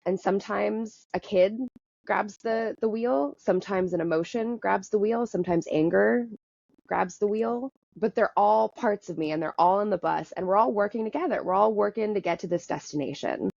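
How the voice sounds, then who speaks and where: A woman's voice: medium pitch, normal speed, gravelly, a little mellow, dry recording, lo-fi sound. A woman guest on a podcast, talking candidly and in a rambling way, often laughing at herself. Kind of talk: candid conversational storytelling.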